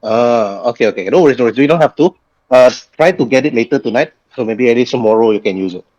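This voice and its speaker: A man's voice: mid-range voice, quick pace, a little mellow, no echo. A man running an online tabletop game as game master, narrating loosely with many restarts. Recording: dull lo-fi mic.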